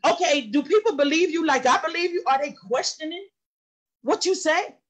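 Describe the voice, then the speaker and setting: A woman's voice: extremely high pitch, lively intonation, moderate pace. A middle-aged woman sharing a personal testimony in an impassioned, storytelling way. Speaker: study session participant.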